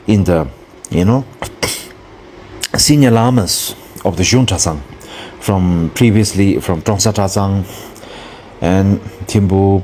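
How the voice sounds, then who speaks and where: A man giving an earnest spoken dharma talk as a Buddhist teacher, pausing often to search for his words. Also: deep voice, mellow, slight background noise.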